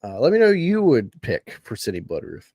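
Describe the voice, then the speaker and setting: A man's voice: medium pitch, brisk, no room sound. A man chatting casually and laughing as he reacts to a comic book review. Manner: laughing, animated, rambling. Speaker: reaction video host.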